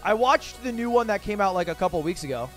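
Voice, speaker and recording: A man's voice: high-pitched, expressive, fast. A man in his twenties streaming, chatting casually with viewers, reading their messages aloud and answering with profane, sarcastic jokes. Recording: faint music behind.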